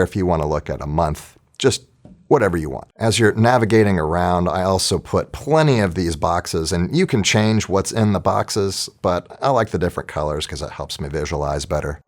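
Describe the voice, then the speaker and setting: Very low-voiced man teaching casually. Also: moderate pace. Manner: casual, chatty, thinking aloud. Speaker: orchestra teacher. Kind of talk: screen-recorded tutorial.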